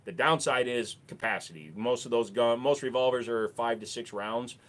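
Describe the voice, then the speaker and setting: A man's voice: medium pitch, normal speed, fairly bright tone. A man with a Minnesota accent, casually answering viewer questions on a livestream in a blunt, profane way.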